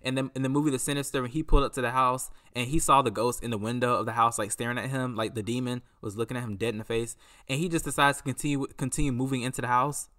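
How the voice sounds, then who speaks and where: Male podcast host, middle pitch with a sharp, bright tone; loose, rambling, lively storyteller. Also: fast talker, hardly any pauses. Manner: rambling, animated, acts out quotes. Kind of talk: casual solo commentary.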